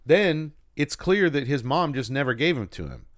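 A man co-hosting a podcast, making wry, animated comments about a movie. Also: a little high, moderate pace, no room sound, studio quality. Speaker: podcast co-host. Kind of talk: casual movie chat.

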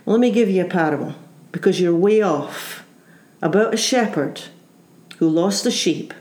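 A woman's voice: on the low side, animated, moderate pace, darkish tone, natural voice. Woman voicing an earnest male teacher challenging critics. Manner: earnest, questioning. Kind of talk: sermon. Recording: roomy echo.

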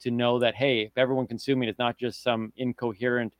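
A man's voice: medium pitch, little pitch movement, a little fast, dry recording. A man hosting a casual podcast chat, upbeat and joking with his guests. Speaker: podcast host.

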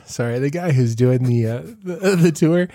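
A man's voice: mid-range voice, normal speed, warm tone. A man co-hosting a podcast in casual chat, telling stories with frequent laughs and restarts. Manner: rambling storyteller, laughs often, many restarts. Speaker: podcast co-host.

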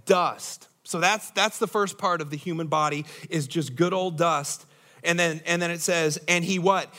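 A pastor delivering a sermon to his church congregation. He preaches in a conversational way and keeps asking the people questions. His voice sits high, and it sounds bright and forceful. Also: fairly even intonation, normal speed.

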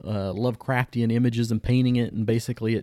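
A man's voice: mid-range voice, fairly even intonation, fast talker, mellow, no room sound. A man co-hosting a podcast, casually reviewing shows in a laid-back way and giving dry verdicts. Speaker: podcast co-host.

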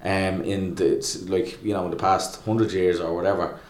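A man's voice: sits low, little pitch movement, normal speed, darkish tone. A man talking casually as a podcast guest, rambling with many restarts and fillers. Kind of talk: casual chat. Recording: echoey room.

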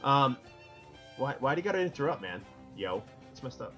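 A man's voice: mid-range voice, very animated, brisk, a bit bright, soft background music, low-quality recording. Rambling, jokey middle-aged man. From Connecticut, US. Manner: rambling, jokey, self-interrupting. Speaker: podcast co-host. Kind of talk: casual roundtable chat.

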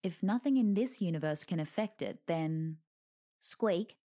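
A woman's voice: fairly low pitch, lively intonation, measured pace, dark tone. A woman reading a lighthearted fantasy story aloud with wry narration.

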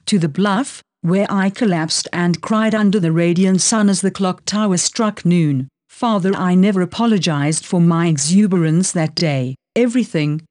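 Female audiobook narrator, lowish pitch, even delivery, dry close recording. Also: normal speed, few pauses, no room sound. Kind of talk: first-person audiobook narration.

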